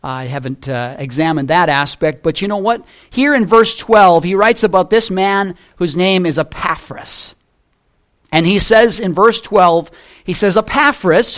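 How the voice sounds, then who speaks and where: A middle-aged man preaching from the pulpit at a slow, deliberate pace. His voice sits fairly high for a man, rising into loud, emphatic repetitions and then dropping to quiet, low asides. He reads scripture in a measured, old-fashioned cadence. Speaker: pastor. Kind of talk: sermon.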